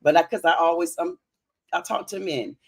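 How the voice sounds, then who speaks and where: A woman's voice: on the low side, normal speed. A woman on a livestream panel speaking candidly and reflectively about her opinion. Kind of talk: casual panel discussion.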